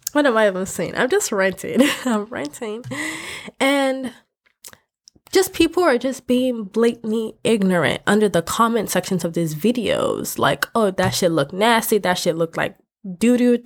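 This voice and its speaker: Young woman, casual vlog rant, rambling, self-correcting, laughing, emphatic bursts. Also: medium pitch. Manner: expressive, rising to emphatic outbursts. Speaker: vlogger. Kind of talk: casual talking-to-camera rant.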